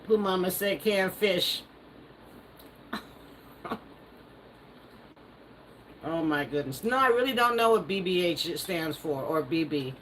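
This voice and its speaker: A woman's voice: fairly low pitch, animated, slow pace, long pauses, fairly bright tone, slight background noise, low-quality recording. Playful woman host chatting with live viewers. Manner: playful, teasing, laughs often. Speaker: livestream host. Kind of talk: casual live chat reading viewer comments.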